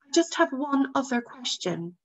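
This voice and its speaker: A nervous young boy from a storybook, pleading and upset, with a raised, strained tone, as a woman reader puts him on. The voice is gravelly, and the recording has a dull, lo-fi sound. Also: high-pitched, big pitch swings, normal speed, pitched above the performer's own voice, full character voice. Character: anxious young boy, defiant but nervous.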